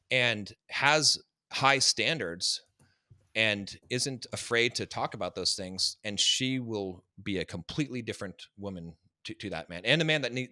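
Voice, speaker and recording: A man's voice: mid-range voice, bright, forceful tone, dry recording, clean studio sound. A man talking as a podcast guest and coach, emphatic and blunt, often restarting and swearing when he gets worked up. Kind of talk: casual interview talk.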